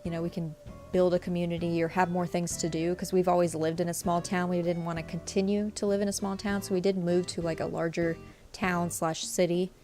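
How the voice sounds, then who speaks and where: A woman's voice: on the low side, little pitch movement, warm tone, faint music behind. Tearful young woman streamer. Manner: halting and emotional, frequent fillers and apologies. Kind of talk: casual live-stream chat.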